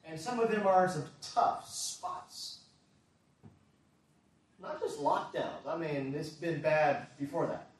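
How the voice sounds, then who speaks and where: A man preaching a sermon as a pastor, earnest, moving between quiet asides and forceful emphasis. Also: on the high side, lively intonation, takes it slowly, long pauses. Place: church. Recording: echoey church hall, mic at a distance.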